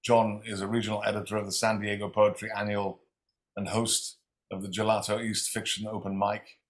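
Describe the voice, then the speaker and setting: A man's voice: fairly low pitch, little pitch movement, brisk. A man hosting a livestream reading series, introducing readers in a friendly, slightly scattered way. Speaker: host.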